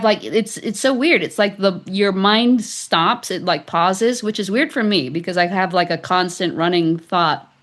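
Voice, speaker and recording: A woman author, a guest on an interview show, telling a personal story in a chatty, loose way full of fillers. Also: medium pitch. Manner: chatty, with frequent "like" and laughs. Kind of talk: conversational storytelling.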